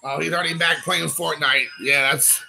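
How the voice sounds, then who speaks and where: A man in his thirties hosting a casual stream while opening trading card packs, excitable and rambling, calling people dude. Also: on the high side, moderate pace, creaky, faint music behind, rough recording. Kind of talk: casual live-stream chat.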